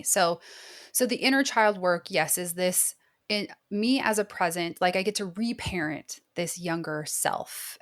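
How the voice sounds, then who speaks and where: Woman therapist in her thirties, lowish voice, earnest and reflective, loose with fillers. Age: 30s. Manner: earnest, reflective, heavy use of "like". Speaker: therapist guest. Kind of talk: podcast interview.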